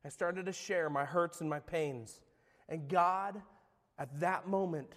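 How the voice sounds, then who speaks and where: High-voiced man giving an earnest testimony. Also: slow pace, in a large hall. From California. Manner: earnest, confessional, swings between loud and hushed. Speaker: guest speaker, former youth pastor. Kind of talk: personal testimony sermon. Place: church.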